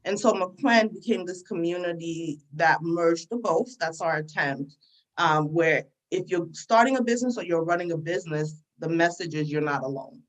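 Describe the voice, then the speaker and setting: A woman's voice: on the low side, moderate pace, poor audio. A woman from Sierra Leone with an American accent, answering interview questions in an earnest, conversational way. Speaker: guest entrepreneur.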